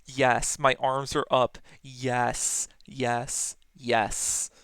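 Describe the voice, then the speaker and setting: A woman's voice: very deep voice, flat delivery, extremely slow, smooth, dry recording. A woman streamer reacting casually to a game during a live playthrough. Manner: chatty, amused reactions. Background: loud game music.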